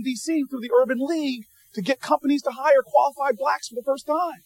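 A man with a notably high voice tells stories to an audience, animated and full of humor. He often restarts with repeated words, and his voice sounds close and dry, with no room echo. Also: fairly quick, few pauses, soft background music. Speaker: public speaker addressing an audience. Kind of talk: storytelling speech.

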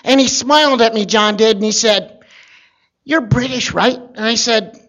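A man from Virginia telling a personal story in a wry, conversational way with deadpan asides. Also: high voice, moderate pace, highs cut off.

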